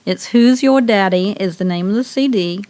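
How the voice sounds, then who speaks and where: A woman with a Southern US accent, co-hosting a radio show in casual chat, talkative and quick to laugh as she tells long stories. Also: mid-range voice, a little mellow. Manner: chatty, laughs often, tells stories at length.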